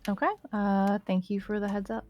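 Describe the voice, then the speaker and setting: A woman's voice: mid-range voice, little pitch movement, normal speed, mellow, muffled recording. A woman playing in a tabletop game, wry and playful. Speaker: player. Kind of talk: casual tabletop play.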